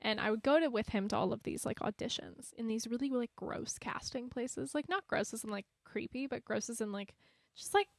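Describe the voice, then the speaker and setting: Podcast host, female, animated storyteller, slightly higher voice, dry close sound. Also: a little fast, vocal fry, no room sound. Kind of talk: casual chat.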